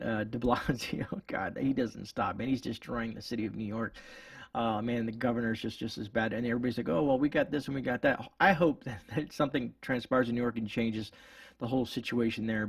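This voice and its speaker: Channel host, male, rambling indignant commentary, gravelly voice, dry sound set back from the mic. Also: medium pitch, dry recording, distant mic. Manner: indignant, rambling, many restarts. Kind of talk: ranting political commentary.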